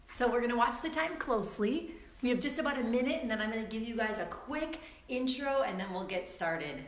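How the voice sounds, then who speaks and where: A woman fitness instructor chatting with viewers before a live online workout class, upbeat and greeting people by name, her voice a little hoarse from the morning. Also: mid-range voice, roomy sound. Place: room at home.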